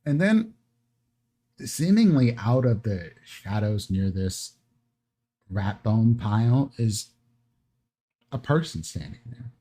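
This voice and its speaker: Husky-voiced man running a tabletop game. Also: fairly low pitch, slow pace, long pauses. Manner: relaxed, rambling narration with fillers. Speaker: game master.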